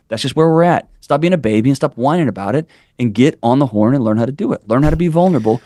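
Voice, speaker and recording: A man's voice: medium pitch, animated, fast talker, a little mellow, dry recording. Blunt impassioned man, dry close mic. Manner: blunt, impassioned, preacher-like build-ups. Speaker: podcast guest. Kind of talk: candid interview storytelling.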